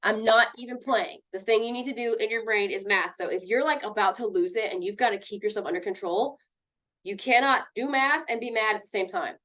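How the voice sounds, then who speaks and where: A woman's voice: medium pitch, brisk. A woman teaching a mindfulness lesson on handling anger, talking casually and acting out what friends might say. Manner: lively, conversational, acts out quoted friends.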